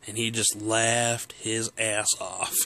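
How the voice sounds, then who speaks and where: A man's voice: lowish voice, little pitch movement, slow pace, sharp tone. A man casually telling a story from his childhood, rambling with many fillers and chuckling as he goes.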